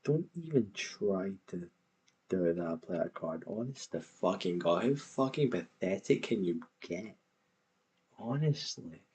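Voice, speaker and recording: A man's voice: low-pitched, animated, unhurried, darkish tone, slightly rough, low-quality recording. A man hosting a reaction video, talking back at a clip with scornful, swearing commentary.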